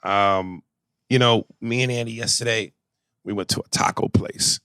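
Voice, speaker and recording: Speaking at normal speed in a clean, fairly low-pitched voice with no echo, this man co-hosts a podcast. His storytelling is loose and profane, animated and peppered with impressions, all in casual conversation.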